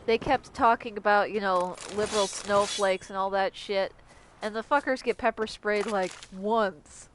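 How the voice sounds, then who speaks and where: A woman's voice: medium pitch, fairly even intonation, unhurried, a little hiss or hum. A young adult woman streaming a game, ranting casually with lots of swearing and sarcasm. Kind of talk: casual livestream commentary.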